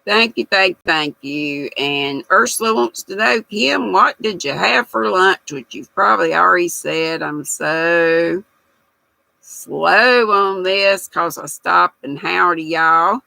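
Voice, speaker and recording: A woman's voice: fairly low pitch, slow pace, gravelly, pushed and bright, dry recording, rough recording. An older woman hosts a casual livestream, reading out viewer comments in a chatty, folksy manner. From United States. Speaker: livestream host reading chat. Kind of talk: casual chat.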